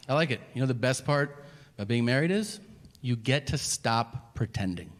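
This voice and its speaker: A man doing a stand-up comedy set on a club stage, crude and deadpan in his setups, then shouting the punchlines. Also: mid-range voice, a little fast. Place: comedy club stage before a live audience. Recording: reverberant venue with audience noise. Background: audience laughter.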